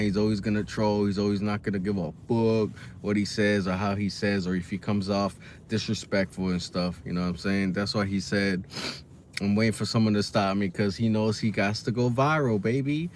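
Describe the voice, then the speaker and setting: A man's voice: lowish voice, steady tone, a little fast, hardly any pauses, a little mellow, a little hiss or hum. A man talking casually to the camera in a reaction video, slangy and rambling, with lots of fillers. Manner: laid-back, slangy, rambling with many fillers. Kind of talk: casual commentary monologue.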